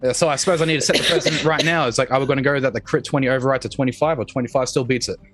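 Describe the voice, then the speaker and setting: Male game master, mid-range voice, hurried and chuckling, light music bed. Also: medium pitch, fairly even intonation, a bit bright. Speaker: dungeon master. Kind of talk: narrating a tabletop game.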